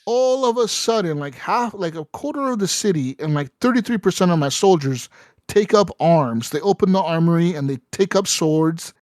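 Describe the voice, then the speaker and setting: A man's voice: high voice, lively intonation, normal speed, darkish tone, no echo, studio quality. A man hosting a podcast in casual chat, telling a story animatedly, swearing often and saying "right?" and "like" a lot. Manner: many fillers like "right?" and "like". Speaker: podcast host.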